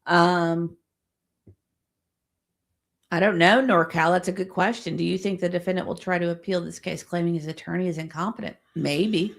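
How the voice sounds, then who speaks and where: Woman, livestream host, slightly low pitch, gravelly fry, chatty, reads chat comments aloud. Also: fairly even intonation, normal speed.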